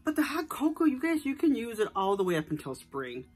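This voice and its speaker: A husky, slightly breathy middle-aged woman chats at home about her shopping finds. She speaks straight to her viewers, chatty and enthusiastic, at a middling pitch. Soft music plays faintly underneath. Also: big pitch swings, a little fast. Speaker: vlogger showing a shopping haul. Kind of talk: casual haul vlog chat. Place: at home indoors.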